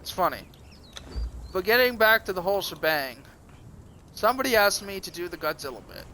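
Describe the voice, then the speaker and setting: High-voiced man rambling a crude story. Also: animated, fairly quick, bright, forceful tone, a little hiss or hum. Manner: crude, rambling, self-mocking. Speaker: streamer.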